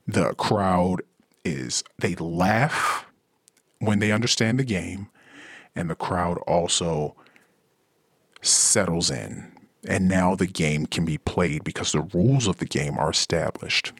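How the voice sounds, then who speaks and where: A man's voice: low voice, slow pace, creaky, breathy edge, no room sound, studio quality. A man hosting a podcast, talking through a casual monologue and acting out the people he quotes. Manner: animated, acts out quoted voices. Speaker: podcast host.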